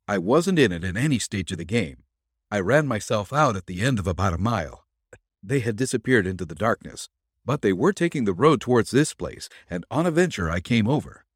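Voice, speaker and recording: A man voicing a young male detective's assistant in a storybook reading, talking in a brisk, plain-spoken report. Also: lowish voice, expressive, no room sound, clean studio sound.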